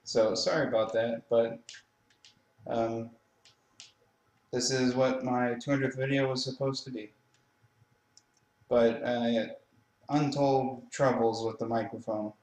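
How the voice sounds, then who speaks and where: A man's voice: medium pitch, little pitch movement, slow pace, pauses often, darkish tone. A man hosting a casual let's-play, chatty and laughing often, recorded indoors on a webcam microphone. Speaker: gaming channel host. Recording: roomy webcam mic audio.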